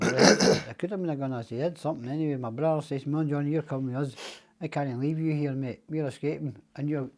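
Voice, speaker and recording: On a podcast, an older Scotsman with a fairly high voice tells stories in a casual, meandering style, peppering them with swearing and impersonating the people involved. His tone is dark and mellow, never bright or sharp.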